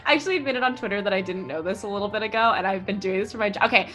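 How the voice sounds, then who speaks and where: A young woman as a guest on a casual quiz, talking in an animated way, laughing often and shrieking when she gets answers wrong. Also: mid-range voice, very fast, faint music behind. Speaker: guest musician.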